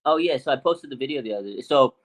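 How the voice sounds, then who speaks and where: A man co-hosting a sports talk show, chatting excitedly and acting out quotes with big swings in his voice. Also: mid-range voice, quick pace. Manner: animated, hyped, acts out quotes. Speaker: podcast co-host. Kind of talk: excited casual sports chat.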